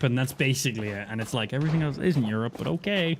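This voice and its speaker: Chatty Irish man, lively voice. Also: on the high side, fast talker, hardly any pauses, a little hiss or hum. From Ireland. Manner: chatty, profane, joking. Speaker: streamer. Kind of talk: casual gameplay commentary.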